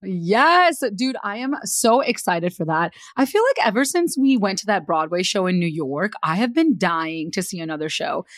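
A woman's voice: medium pitch, animated, moderate pace, few pauses, no echo, studio quality. A young woman co-hosting a podcast in casual chat, laughing often and swearing casually. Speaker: podcast co-host.

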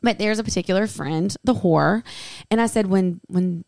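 A woman, co-hosting a podcast, telling a lively story in casual chat and laughing often. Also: mid-range voice, normal speed, gravelly. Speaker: podcast co-host.

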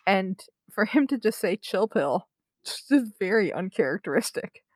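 A woman co-hosting a casual sports chat show, talking in an animated, indignant way with frequent restarts. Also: medium pitch, moderate pace, no echo. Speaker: podcast co-host. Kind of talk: casual chat about Olympic news.

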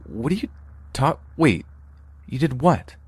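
A man's voice: low-pitched, normal speed, a little mellow, no echo, voice pushed up, close to an everyday voice. A man voicing a hurt young woman who questions a friend in pained disbelief in a horror story reading.

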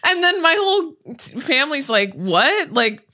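Bright-voiced young woman swearing casually. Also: high-pitched, lively intonation, normal speed. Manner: swears freely, rambling storytelling full of "like". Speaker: podcast co-host. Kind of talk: casual chat.

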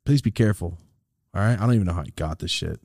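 His voice is low and creaky, and he races along as a young podcast co-host chatting casually about getting over a sinus infection. He tells the stories with animation, swears plenty and performs what others said. The studio-quality audio has no echo.

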